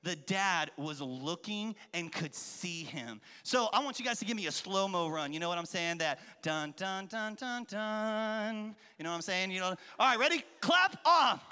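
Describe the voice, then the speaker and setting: Kids' pastor, a man with a high, bright, animated voice, booming through a big reverberant hall. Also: normal speed, clear, resonant tone. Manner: animated, playful, acts out voices and calls to the crowd. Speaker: children's pastor. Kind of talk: lively kids' church sermon with storytelling. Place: large church hall with an audience.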